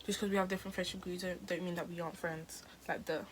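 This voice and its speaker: A woman's voice: fairly low pitch, flat delivery, fast talker, a little hiss or hum. A teenage girl, telling a story to camera in a rambling, chatty way. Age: teens. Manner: rambling and chatty, full of "like" and restarts. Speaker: vlogger. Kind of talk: casual storytime chat.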